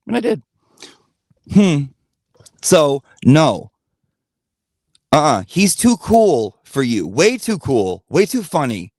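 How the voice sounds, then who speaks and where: A man's voice: on the high side, sing-song, slow, pauses often, darkish tone, dry recording, studio quality. A man telling a blunt, profane gossip story in a rambling rant-style monologue. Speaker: channel host.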